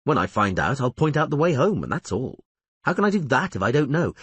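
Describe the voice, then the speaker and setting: A man's voice: medium pitch, very animated, a little fast, fairly bright tone, husky, no echo, pitched above the performer's own voice. A man voicing a blunt male gang leader who fires off curt questions.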